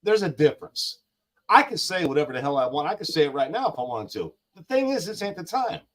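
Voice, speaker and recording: Male guest, slightly high voice, lively pitch swings, blunt and emphatic. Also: fast talker. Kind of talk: casual talk show banter.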